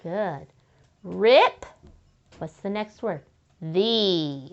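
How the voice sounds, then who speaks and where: Extremely slow and expressive, her medium-pitched voice loses its highs in the recording. She patiently leads young children through writing sentences, sounding out every letter and word and encouraging them all the way.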